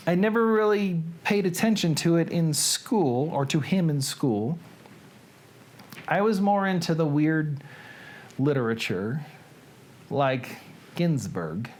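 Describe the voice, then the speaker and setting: A man's voice: fairly high pitch, expressive, a little mellow, slight background noise. A middle-aged man with a Southern American accent hosting a casual livestream in a folksy, playful manner. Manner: folksy, playful, drawn-out delivery. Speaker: livestream host. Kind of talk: casual livestream chat and dramatic reading.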